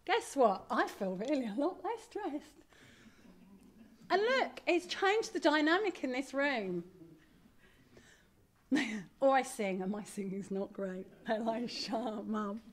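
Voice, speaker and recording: A middle-aged woman giving a candid, animated talk to an audience as a parent. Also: high-pitched, takes it slowly, pauses often. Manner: animated, candid, self-deprecating. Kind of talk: live presentation to an audience.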